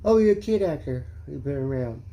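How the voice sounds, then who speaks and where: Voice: medium pitch, lively intonation, fairly quick, warm tone, a little hiss or hum, rough recording. A streamer who says they are sick, chatting casually while reacting to TV and cooing at a cat. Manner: chatty, coos baby talk at a cat. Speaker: livestream host.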